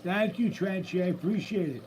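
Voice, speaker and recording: A man with a high-sitting but darkish voice hosts a casual live stream, animated and chatty as he welcomes viewers by name at a normal speed. The rough recording has a bit of hiss or hum, and a tank's running water can be faintly heard in his home room.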